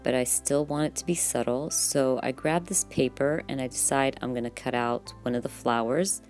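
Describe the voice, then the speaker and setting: A woman vlogger with a bass voice narrates her journaling process in a relaxed, chatty voice-over. It's full of fillers and quick self-corrections.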